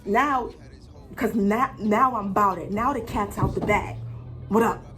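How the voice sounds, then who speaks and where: Profane, animated woman storyteller. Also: mid-range voice, a little slow, background noise. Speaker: vlogger. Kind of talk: storytime vlog.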